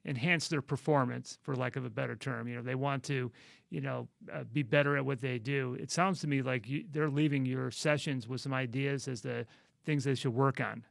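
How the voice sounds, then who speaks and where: Gravelly-voiced male interview host. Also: medium pitch, steady tone, no room sound. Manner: halting questions with many fillers and restarts. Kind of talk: interview questions.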